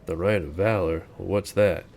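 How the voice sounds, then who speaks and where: Wry, deep-voiced game streamer. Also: male voice, fairly even intonation, unhurried, creaky, a little mellow. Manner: wry, sarcastic, laid-back. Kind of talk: casual gameplay commentary.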